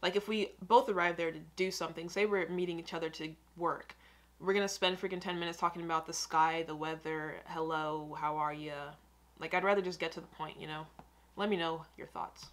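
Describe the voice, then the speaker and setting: A woman's voice: on the low side, fairly even intonation, a little fast. A young American woman hosting a reaction video, chatting casually with rambling, self-mocking asides. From United States.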